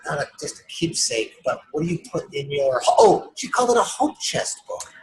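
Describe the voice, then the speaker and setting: Gravelly and a little high, his voice is very animated and moves at a normal pace, though the recording quality is poor. He's an author in a casual interview streamed live online from a remote setup, telling lively stories and acting out what others said.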